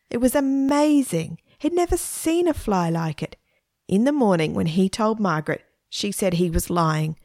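A woman reads a children's story aloud, gentle and unhurried. Her voice sits low for a woman. The recording is dry and close, with no room sound. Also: dry recording.

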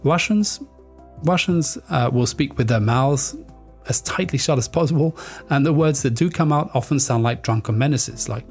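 A man who grew up in France, giving a presentation talk in a lively way, often restarting words and playfully mimicking accents. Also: mid-range voice, moderate pace, faint music behind. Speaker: speaker on brand naming.

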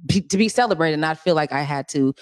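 A woman actress talking casually in an interview, laughing often and animated. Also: deep voice, fast talker, no room sound. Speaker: guest actress.

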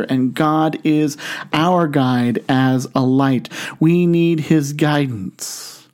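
Measured preacher delivering a sermon. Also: male voice, on the high side, darkish tone. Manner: measured, deliberate scripture reading. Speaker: pastor.

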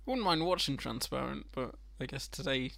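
A man's voice: medium pitch, lively intonation, normal speed, gravelly, fairly bright tone, dry recording. A man co-hosting a casual comedy chat, asking questions and easily amused.

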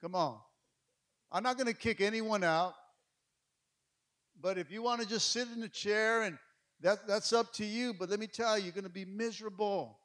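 A man's voice: sits high, moderate pace, pauses often. A middle-aged male pastor from Mexico preaching a sermon, passionate and full of stories, often repeating words as he gets going. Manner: passionate, storytelling, repeats words when excited.

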